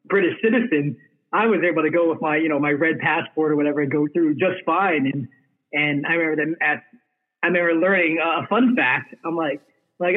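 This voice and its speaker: A man's voice: a little high, a little fast. A man who is a guest on a podcast, recalling a trip in a loose, hesitant way with plenty of fillers. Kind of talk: casual conversation. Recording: tinny phone-line audio.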